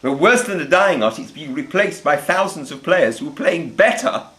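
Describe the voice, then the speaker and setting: A man's voice: a little high, lively intonation, moderate pace, a bit bright, echoey room. A man giving a violin lesson, blunt and opinionated, stressing his points as he demonstrates on the instrument indoors. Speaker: violin teacher. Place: indoor room with a door. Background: violin playing between phrases.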